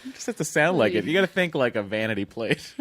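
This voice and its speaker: A man co-hosting a podcast who tosses in dry, wisecracking remarks. His pitch moves around a lot as he talks. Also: very animated, fast talker, fairly bright tone. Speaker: podcast co-host. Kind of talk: casual chat.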